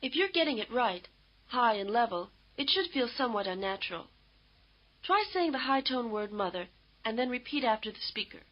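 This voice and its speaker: A woman giving measured, explanatory scripted narration for a language course. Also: fairly high pitch, lively intonation. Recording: dull lo-fi course audio.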